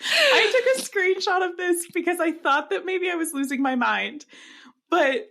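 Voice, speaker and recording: A woman's voice: extremely high pitch, lively intonation, moderate pace, sharp tone. A young woman co-hosting a podcast, chatting casually with many "like"s and "um"s and frequent laughter. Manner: chatty, lots of "like" and "um", laughs often. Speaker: podcast co-host. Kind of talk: casual chat.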